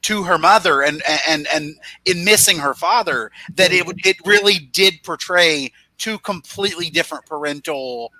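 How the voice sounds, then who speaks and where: Bright-voiced man in thoughtful chat. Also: on the high side, moderate pace, dry recording, low-quality recording. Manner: thoughtful, restarts often. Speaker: fan panelist. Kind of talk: casual discussion.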